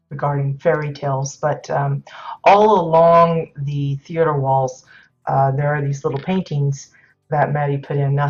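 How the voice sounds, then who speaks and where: A woman hosting a live stream, thinking aloud in a hesitant way and filling pauses with many ums and uhs. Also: deep voice, highs cut off. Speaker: stream host showing player-built game housing.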